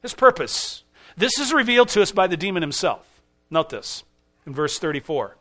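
A man's voice: sits high, lively intonation, moderate pace, sharp tone. A man preaching a sermon, driving his points home with repetition and rhetorical questions.

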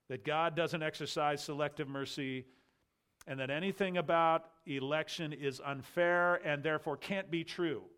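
A man preaching an expository sermon, emphatic and rhetorical, swinging between loud declarations and quiet asides. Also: medium pitch.

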